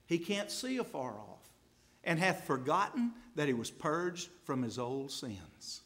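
A man preaching a sermon in a folksy, impassioned way, speaking straight to the congregation and swinging from hushed asides to loud climaxes. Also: a little high, big pitch swings, a little slow, gravelly.

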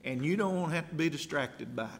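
A man preaching a sermon in an emphatic voice, building to loud exhortation. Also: fairly high pitch, animated, fast, creaky, big-room sound, a little hiss or hum.

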